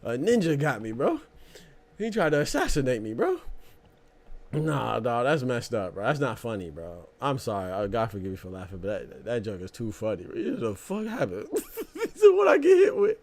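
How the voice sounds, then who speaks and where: A man hosts a boxing live stream from his desk, his mid-pitched voice jumping up and down as he talks. He breaks into laughs often and keeps tossing in "bro" as he riffs to his chat in a loose, casual way. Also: very animated, moderate pace. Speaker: boxing podcast host.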